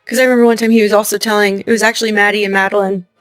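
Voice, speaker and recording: A young adult woman telling a personal story as an interview guest, acting out what people said to her with lively voices and laughing often. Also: mid-range voice, racing, no room sound, soft background music. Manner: animated retelling, acting out quoted lines, laughing often.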